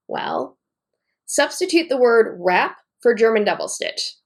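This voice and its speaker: A woman walks through a knitting technique step by step, narrating each move as she works. Her delivery is methodical and repetitive, and her voice carries a noticeable gravelly fry. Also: on the high side, big pitch swings, unhurried. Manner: methodical, repeats key points, talks while working. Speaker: knitting teacher. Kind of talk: step-by-step tutorial demonstration.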